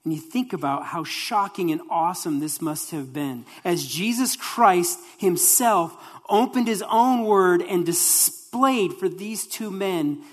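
A preacher giving a sermon, telling the story with animated delivery and acted-out quotes, in a large hall. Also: medium pitch, takes it slowly, hardly any pauses. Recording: long hall reverb.

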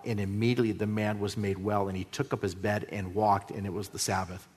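A man preaching a sermon, moving between loud emphasis and hushed, drawn-out phrases. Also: medium pitch. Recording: long hall reverb.

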